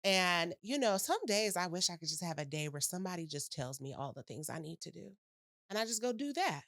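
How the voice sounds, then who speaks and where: A woman hosting a podcast in a casual, animated conversation, playful and self-mocking as she talks. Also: lowish voice, a little fast, no echo, studio quality. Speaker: podcast host.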